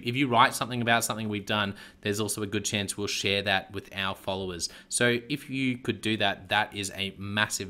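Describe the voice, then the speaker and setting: An Australian man hosts a leadership podcast, chatting casually with a guest in an interview and laughing often. His voice is fairly low, with a pushed, bright quality.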